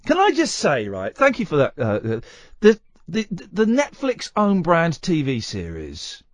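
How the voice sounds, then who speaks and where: A man hosts a late-night radio phone-in in a dry, close studio sound. His voice sits high and swings widely as he jokes and rambles with callers. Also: wildly swooping pitch, a little slow, dry recording. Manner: jokey, rambling, laughs often. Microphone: studio mic.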